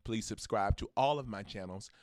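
A man from Georgia, hosting a podcast and making an excited announcement to his listeners with preacher-like calls to action. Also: lowish voice, normal speed, no room sound, studio quality. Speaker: podcast host.

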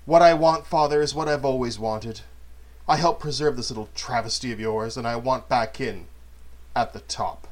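A man's voice: mid-range voice, moderate pace, close to an everyday voice. A man voicing a mocking, cruel male outcast in a story reading, with a sneering, theatrical delivery.

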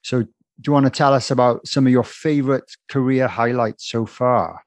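A man's voice: mid-range voice, fairly even intonation, moderate pace, no room sound. A man interviewing a musician in casual chat, enthusiastic and rambling, calling him man.

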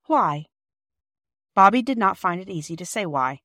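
Measured woman reading a children's classic. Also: medium pitch, lively intonation, sharp tone, no echo, clean studio sound. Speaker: audiobook narrator. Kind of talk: scripted storybook narration.

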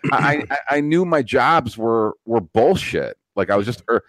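A man's voice: mid-range voice, lively intonation, moderate pace, fairly bright tone, dry recording. A man in his thirties hosting a podcast, talking in a profane, rambling way with many restarts. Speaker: podcast host. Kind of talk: casual political chat.

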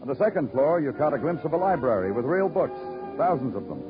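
A man's voice: mid-range voice, sing-song, fast talker, close to an everyday voice. A weary, wisecracking detective, as a man plays him with clipped, dry delivery. Music plays behind his voice. The sound is muffled, like an old radio broadcast. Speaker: narrator. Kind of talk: 1950s radio drama narration.

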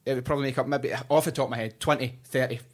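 A man's voice: medium pitch, fairly even intonation. A man with a Scottish accent hosting a podcast, chatting casually and teasing his guest. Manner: chatty and teasing, quick to joke. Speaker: podcast host. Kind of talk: casual chat.

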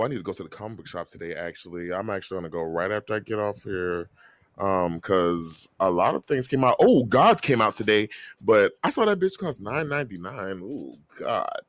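A man's voice: on the low side, dry recording, clean studio sound. A man from Florida co-hosting a podcast, joking in playful, slangy banter. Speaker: podcast co-host. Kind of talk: casual chat.

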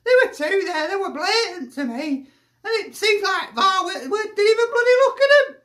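Shrill foul-mouthed footy fan, cackling and swearing, bright piercing voice. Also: male voice, very animated, normal speed, heavily acted. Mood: gleeful. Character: rowdy foul-mouthed northern football fan, gleeful and crude. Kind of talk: comic character rant.

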